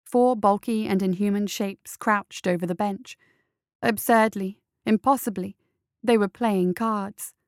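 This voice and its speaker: A woman narrating a fantasy story in a measured, deliberate reading. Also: mid-range voice, fairly even intonation, no room sound, clean studio sound. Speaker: story reader.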